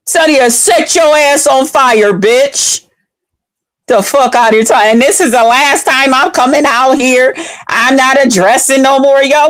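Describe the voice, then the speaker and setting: A woman's voice: high-pitched, expressive, a little slow, no room sound. Fired-up woman ranting on a live stream. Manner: profane, mocking, heated.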